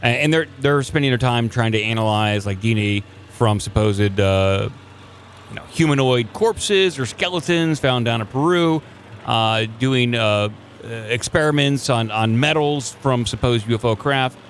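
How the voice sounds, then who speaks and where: A man's voice: medium pitch, normal speed, slight background noise. A male podcast host in casual, loose chat, joking and rambling with his co-host. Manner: loose, joking, full of fillers and restarts.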